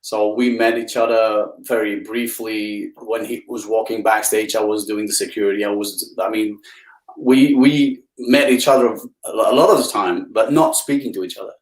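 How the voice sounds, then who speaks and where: A man's voice: fairly even intonation, normal speed, reverberant, low-quality recording. A man from Belgium, a guest speaker on a live video interview, telling stories with enthusiastic, swooping emphasis. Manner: enthusiastic storyteller, swings pitch up for emphasis. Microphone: video call.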